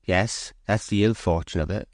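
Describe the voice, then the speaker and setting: A man doing a steadfast country farm manager, low-pitched and hesitant, plain-spoken as he stammers through awkward talk. The read is dry and close. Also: moderate pace, no echo. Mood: troubled. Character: shy steadfast male shepherd and farm manager. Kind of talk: audiobook character voice.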